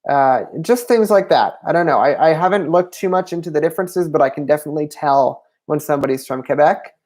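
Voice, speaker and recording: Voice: mid-range voice, a little fast, darkish tone. A language channel host answering viewer questions on a livestream, hesitant and thinking aloud with frequent ums.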